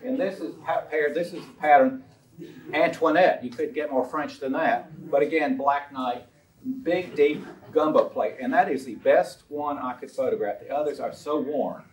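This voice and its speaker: A man's voice: on the high side, moderate pace, darkish tone. A man giving an illustrated lecture on a historical collection, chatty and anecdotal, with frequent ums and uhs. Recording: roomy sound from a distant mic.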